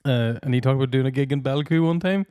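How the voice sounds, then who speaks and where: A man with a Tyrone-Fermanagh Northern Irish accent hosting a podcast as a comedian, sweary and quick to laugh. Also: mid-range voice, warm tone, clear, resonant tone, dry recording. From Northern Ireland (Tyrone and Fermanagh). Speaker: podcast host, stand-up comedian. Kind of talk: casual podcast banter.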